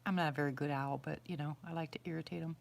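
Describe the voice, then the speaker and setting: A middle-aged woman with a low, gravelly voice races along in fairly even intonation during a casual outdoor livestream at night. As host, she rambles while answering her viewers' questions.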